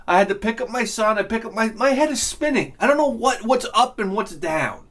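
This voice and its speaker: A middle-aged man telling a rambling, self-mocking comic story with lots of swearing and loud bursts of laughter. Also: very high voice, expressive, normal speed, few pauses. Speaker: video game collector vlogger.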